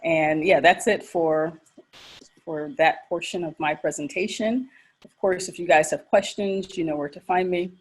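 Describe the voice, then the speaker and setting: Husky low-voiced woman lecturer. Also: steady tone. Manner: quick, informal, many fillers. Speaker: journalism lecturer and panelist. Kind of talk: conference presentation. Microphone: video call.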